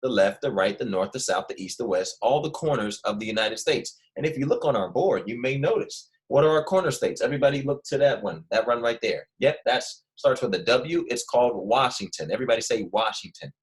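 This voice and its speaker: A man's voice: medium pitch, animated, a little fast, hardly any pauses. A young man with a slight Philadelphia accent, teaching a first grade history lesson and patiently repeating key words for small children. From Philadelphia family. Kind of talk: online classroom lesson.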